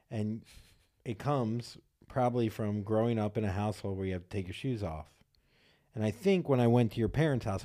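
A man's voice: on the low side, mellow. A man co-hosting a podcast, talking in crude, laid-back, joking banter. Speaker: podcast co-host.

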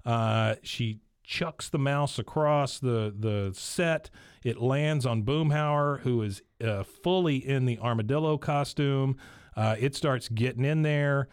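A man's voice: mid-range voice, slow pace, smooth, no echo. A man hosting a podcast, animatedly retelling a cartoon episode in casual chat at a studio mic. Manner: animated storyteller, laughs while retelling. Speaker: podcast host.

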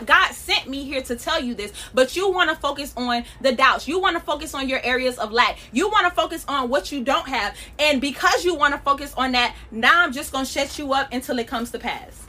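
A young woman preaches casually on her podcast, talking in a lively, slangy way and often breaking into laughter. Her voice sits high and bright and carries a lot of energy. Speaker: podcast host.

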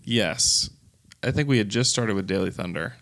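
A man's voice: on the low side, normal speed, gravelly, a bit bright. A man hosting a podcast, telling a story in casual chat and laughing often. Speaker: podcast host.

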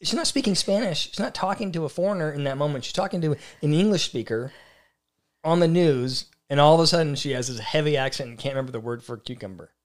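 A man co-hosting a relationship podcast, talking in a blunt, opinionated, animated way. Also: on the high side, fast talker. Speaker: podcast co-host. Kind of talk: casual chat.

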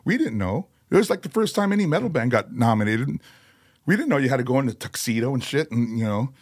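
Animated storyteller, a man. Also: mid-range voice, fast. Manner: animated, laughing, acts out others' voices, swears freely. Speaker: metal vocalist, podcast guest. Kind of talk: casual storytelling chat. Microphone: podcast studio mic.

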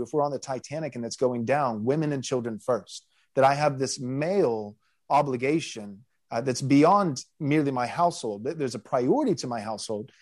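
A man who hosts a podcast as a pastor, thinking aloud earnestly in a casual theological discussion. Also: medium pitch.

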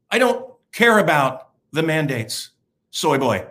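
A man's voice: a little high, expressive, moderate pace, pushed and bright. An older man hosting his own show, talking blunt and rambling in a casual monologue to camera. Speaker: host.

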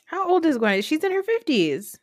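A woman's voice: high voice, sing-song, a little fast, no echo, studio quality. A woman in her forties co-hosting a podcast, chatting casually and laughing a lot with a cackling laugh. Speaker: podcast co-host. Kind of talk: casual chat recapping a reality show.

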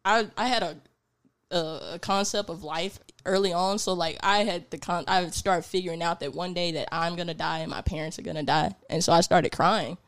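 A young woman in casual podcast chat, telling stories in an animated, giggly way. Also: on the low side, normal speed.

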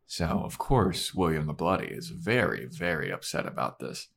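A man co-hosting a podcast, recapping a TV episode in casual, animated storytelling. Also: very deep voice, moderate pace, creaky. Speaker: podcast co-host.

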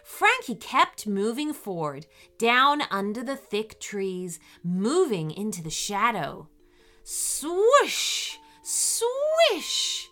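Animated woman telling children's stories. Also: mid-range voice, slow pace, hardly any pauses, soft background music. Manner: animated, warm storyteller. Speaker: children's story podcast host. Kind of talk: storytelling for children.

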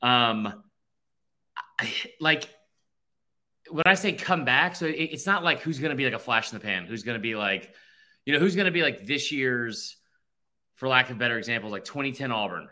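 A man in his thirties hosting a casual sports podcast, rambling and animated, full of asides. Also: medium pitch, a little fast. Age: 30s. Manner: rambling, animated, self-interrupting with fillers. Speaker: podcast host.

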